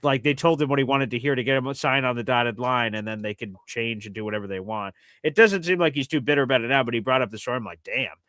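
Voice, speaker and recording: A man co-hosting a casual sports podcast, his voice at an ordinary middle pitch and recorded close and dry with no room sound. He talks conversationally, hesitates often and restarts his sentences. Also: fast talker, hardly any pauses, a bit bright, no room sound. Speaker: co-host.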